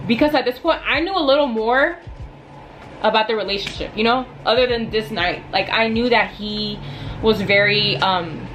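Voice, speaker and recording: A woman's voice: on the high side, normal speed, a little hiss or hum, rough recording. Blunt woman in her twenties venting. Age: 20s. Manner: animated, venting, blunt, casual. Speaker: vlogger. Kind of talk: storytime vlog.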